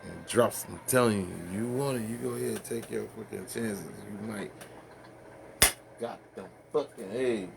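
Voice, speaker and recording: A man's voice: on the low side, moderate pace, vocal fry, a little hiss or hum. A man ranting casually to the camera, rambling and profane, stumbling over fillers and laughing at his own jokes.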